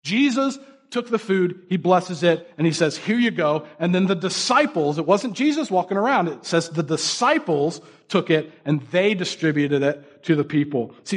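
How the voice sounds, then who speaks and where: A man's voice: sits high, expressive, moderate pace, husky. A man giving a casual, conversational sermon, acting out quoted voices with many fillers. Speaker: pastor.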